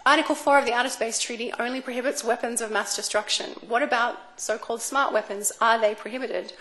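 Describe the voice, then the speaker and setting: Woman, fairly high voice, lecturing on law, measured delivery with fillers. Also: fairly even intonation, sharp tone, a little hiss or hum. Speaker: speaker on space law. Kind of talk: academic talk. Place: lecture room.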